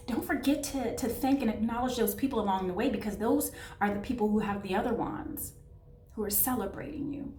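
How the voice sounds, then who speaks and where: A faint hiss or hum sits under this high-leaning female voice as she offers a casual, affectionate tarot reading, often searching for what to say. The space sounds echoey, her voice is a little far from the mic, and soft music plays.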